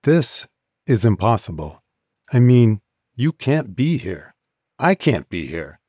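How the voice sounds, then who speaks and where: A man's voice: medium pitch, very animated, slow, mellow, slightly rough, no echo, studio quality, voice pushed up, heavily acted. A man voicing a stunned, urgent man lost in time in an audiobook. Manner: urgent, insistent. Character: shaken man thrown back in time, urgent.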